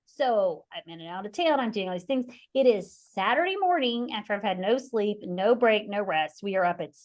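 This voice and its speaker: Animated woman telling a family story. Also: mid-range voice, moderate pace. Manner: animated storyteller who acts out quoted voices; rambling, with frequent restarts and laughs. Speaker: podcast host. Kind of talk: conversational podcast storytelling.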